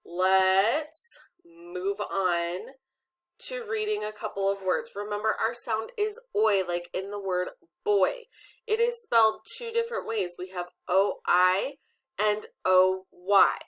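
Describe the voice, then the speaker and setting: A woman's voice: medium pitch, fairly even intonation, measured pace, a bit bright. A woman teacher giving an online phonics lesson to children, patiently asking questions and prompting pupils to answer.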